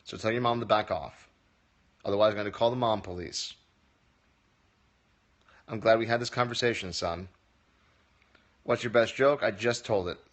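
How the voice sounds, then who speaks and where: A comedy teacher hosts a casual livestream Q&A, reading viewers' comments aloud and answering them with dry, wry jokes. His voice sits on the low side, moving at a normal speed with long pauses. It's picked up on a phone livestream mic.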